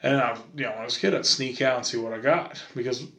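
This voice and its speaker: Guy cracking up telling his childhood christmas story, bright voice, does everyone's voices. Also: medium pitch, fast talker, vocal fry, roomy sound. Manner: animated, laughing, acts out family voices. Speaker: podcast co-host. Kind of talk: casual storytelling chat.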